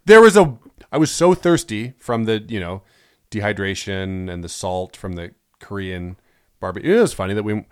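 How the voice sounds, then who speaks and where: Animated, sarcastic male podcast host. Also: on the low side, moderate pace, smooth. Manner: animated storyteller, sarcastic, swears freely. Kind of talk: casual comedic chat.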